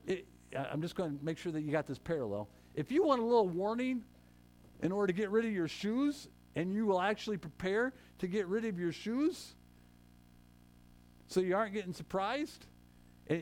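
A man preaching a sermon as a pastor, swinging between loud proclamations and soft, chatty asides, with quick self-corrections. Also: high-pitched, expressive.

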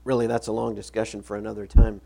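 A middle-aged man delivers a sermon as a pastor, reading scripture aloud and repeating key phrases to drive them home. His voice has a gravelly edge and a dark, mellow tone. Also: fairly low pitch, flat delivery, fast talker.

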